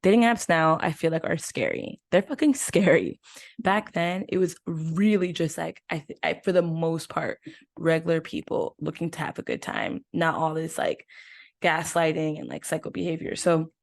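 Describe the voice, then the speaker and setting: A woman's voice: deep voice, normal speed, vocal fry, no echo. Chatty young woman podcaster, dry sound. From United States. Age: 20s. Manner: animated, chatty storytelling with many fillers and laughs. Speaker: podcast host. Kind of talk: casual chat.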